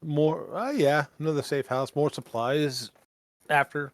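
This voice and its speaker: A man's voice: fairly high pitch, unhurried, no room sound, studio quality. Jokey man at a tabletop game. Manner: jokey, laughs easily, asks the game questions. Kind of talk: casual tabletop game play.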